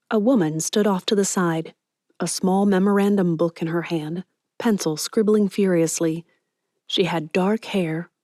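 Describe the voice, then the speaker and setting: A woman's voice: on the low side, no echo. Dry close-miked woman narrator. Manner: measured, even storytelling. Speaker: audiobook narrator. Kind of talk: scripted narration.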